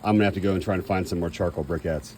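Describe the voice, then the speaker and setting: A man's voice: deep voice, steady tone, very fast, a little mellow. A man in a casual cooking vlog, chatty and self-deprecating, thinking aloud as he grills outdoors. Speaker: home cook.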